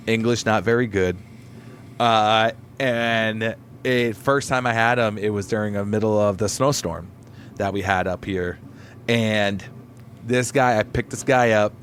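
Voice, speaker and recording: A man's voice: on the low side, slight background noise. Swearing male podcast co-host. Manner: animated storytelling with swearing and put-on quotes. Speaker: podcast co-host, delivery driver. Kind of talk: casual profane chat.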